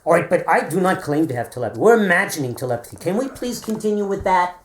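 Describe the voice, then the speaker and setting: A woman's voice: lowish voice, sing-song, fast. A woman improvising a playful, musing scene without a script.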